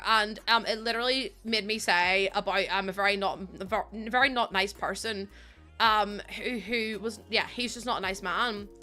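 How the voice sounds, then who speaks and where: A young woman with a Northern Irish accent, chatting casually and giggling with her live chat as a streamer. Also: on the high side. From Northern Ireland. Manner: chatty, giggly, loose and animated.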